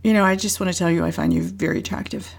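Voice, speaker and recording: A woman voicing an awkward naked man at a party, flat and earnest as she quotes him in a story. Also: fairly low pitch, racing, vocal fry, pitched below the performer's own voice. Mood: deadpan.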